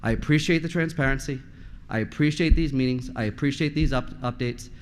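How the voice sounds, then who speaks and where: A man's voice: mid-range voice, fairly quick, a little hiss or hum. A man in his forties, a parent speaking at a school committee meeting, blunt and impassioned, with frequent rhetorical questions. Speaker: parent giving public comment. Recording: long reverb in a meeting hall.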